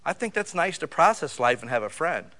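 Middle-aged male pastor, fired-up sermon delivery, bright and forceful tone, swings between loud and soft. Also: fairly high pitch, brisk. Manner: animated, loud bursts with sudden drops to quiet.

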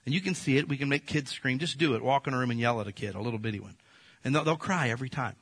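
A man preaching a sermon in a folksy, animated storytelling manner, acting out the voices in his stories. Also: mid-range voice, rapid-fire, slightly rough. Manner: folksy, addresses the congregation as folks. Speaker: pastor.

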